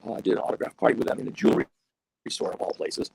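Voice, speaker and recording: A man's voice: rapid-fire, darkish tone, no room sound. An older man, a veteran radio broadcaster, telling stories enthusiastically over a video call that makes him sound robotic. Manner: enthusiastic, wide-ranging delivery. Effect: robotic digital distortion. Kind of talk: casual storytelling interview.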